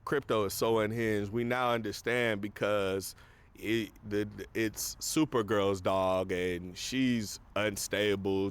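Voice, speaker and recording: A man's voice: fairly low pitch, clear, resonant tone. A man hosting a casual film review, recapping the plot in a loose, rambling way with lots of fillers and popping his voice up to act out quoted lines. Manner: acts out quoted lines in a raised voice.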